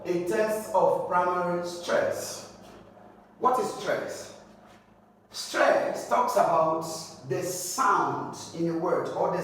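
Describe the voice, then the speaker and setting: A high-pitched man with a Nigerian English accent teaches an exam prep lesson at an unhurried pace. He spells out letters and asks rhetorical questions. His voice sounds distant in a very echoey room with faint hiss behind it. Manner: explains slowly, quizzes the listener, spells out letters.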